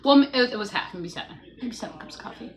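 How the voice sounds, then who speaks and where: A woman's voice: a little high, animated, fast, rough recording. A woman hosting a casual morning livestream, chatty and playful, greeting viewers by name as she talks. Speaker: livestream host.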